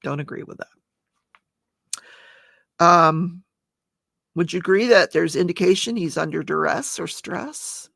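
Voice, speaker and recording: A woman's voice: on the low side, lively intonation, unhurried, vocal fry, long pauses, fairly bright tone, no room sound, studio quality. A woman hosting a channel, casually recapping a trial and reading call transcripts aloud with chatty asides. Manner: chatty, reads testimony in plain voice with asides. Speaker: true crime channel host.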